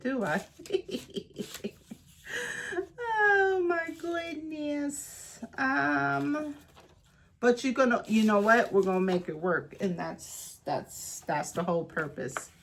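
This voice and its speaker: A woman leads a relaxed craft session and talks to herself as she works things out. She takes her time, with many pauses and restarts. Faint noise and small clicks sit behind her voice. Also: medium pitch. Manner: chatty, self-talking, thinking aloud while crafting; slow, unhurried delivery with frequent pauses. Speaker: craft and journaling creator. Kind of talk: casual craft tutorial chat.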